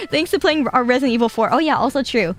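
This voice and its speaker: A young Japanese woman chatting casually to her live-stream chat, giggly and rambling, swearing now and then. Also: sits high. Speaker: VTuber streamer.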